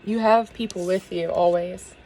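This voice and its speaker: A woman's voice: on the low side, fairly even intonation, normal speed, poor audio. Earnest woman giving a tarot reading. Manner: soft, earnest, emotional with small laughs. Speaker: tarot reader. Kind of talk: spiritual tarot reading to camera.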